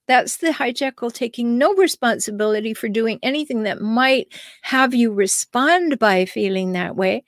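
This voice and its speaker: A woman's voice: on the high side, normal speed, few pauses, dry recording, clean studio sound. A woman relationship coach hosting her own show, talking straight to the listener and often asking rhetorical questions. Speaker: relationship coach and podcast host. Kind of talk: solo advice monologue.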